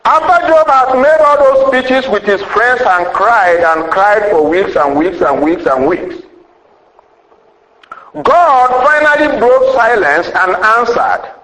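A man's voice: very high-pitched, animated, slow, pushed and bright, reverberant, rough recording. A man preaching a sermon with emphasis, rhetorical questions and a repeated refrain.

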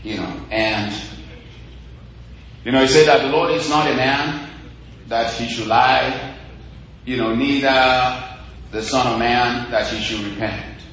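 A male preacher delivers a sermon in a very echoey room, with faint ambient noise behind him. He quotes scripture in a lilting, sing-song way and climbs to loud calls of praise. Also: medium pitch, takes it slowly, long pauses. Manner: rising to loud exclaims of praise, scripture quoted in a singing lilt.

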